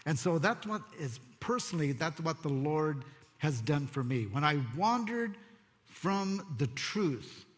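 A male preacher tells a personal testimony in a big reverberant hall, his voice sitting a little high for a man. He acts out each quoted line and swings from hushed, slow reflection to quick, excited bursts. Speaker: pastor. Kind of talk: sermon testimony.

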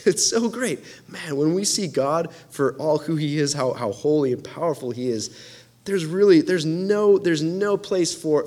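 A young man preaching a casual, earnest sermon, enthusiastic and full of restarts. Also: a little high.

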